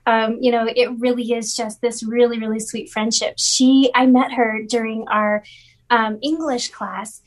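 Higher-voiced woman telling heartfelt stories. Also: flat delivery, measured pace. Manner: warm, enthusiastic storyteller with many fillers. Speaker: refugee ministry worker, guest. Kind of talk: storytelling in an interview.

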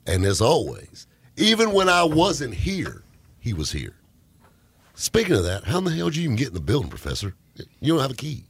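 Joking radio host, husky voice. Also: male voice, fairly low pitch, quick pace. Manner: joking, boisterous, lively banter. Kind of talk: casual studio radio chat. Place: radio studio.

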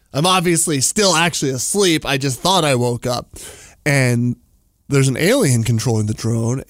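A man's voice: medium pitch, no room sound. Rambling forty-something man, dry studio sound. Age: 40s. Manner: rambling, full of "like" and chuckles. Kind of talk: casual storytelling monologue.

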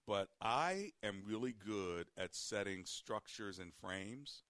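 A man's voice: deep voice, fairly bright tone, no room sound. A man hosting a call-in radio show, a preacher who talks to listeners directly and repeats key points.

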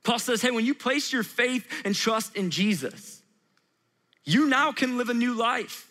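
A man's voice: extremely high pitch, a little slow, sharp tone. A young adult man preaching a sermon as a pastor, earnest and conversational, repeating his phrases for emphasis. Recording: long reverb of a large hall.

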